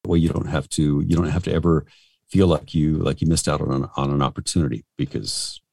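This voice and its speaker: Very deep-voiced man, rambling. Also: fairly even intonation, fairly quick, vocal fry, darkish tone, no echo, clean studio sound. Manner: rambling, self-deprecating, frank. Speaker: voice actor. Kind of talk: casual interview talk.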